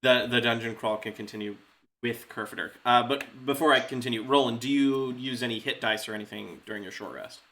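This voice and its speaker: A man's voice: medium pitch, brisk, a bit bright. A man running a tabletop role-playing game as game master, chatty and loose, laughing often.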